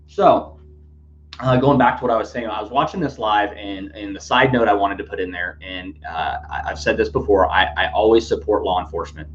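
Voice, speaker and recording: A man's voice: fairly low pitch, brisk, hardly any pauses. A man hosting a casual news commentary podcast, rambling with many fillers and restarts. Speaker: podcast host. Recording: dull lo-fi sound with faint hum.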